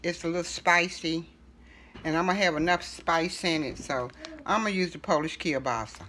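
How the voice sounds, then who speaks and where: A middle-aged woman hosting a casual home cooking tutorial, talking in a relaxed, chatty way with fillers and self-corrections. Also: lowish voice, moderate pace, noisy background. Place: home kitchen.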